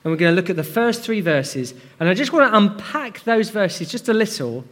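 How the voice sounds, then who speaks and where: Animated high-voiced male preacher. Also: brisk. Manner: animated, conversational, asks the congregation questions. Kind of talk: sermon.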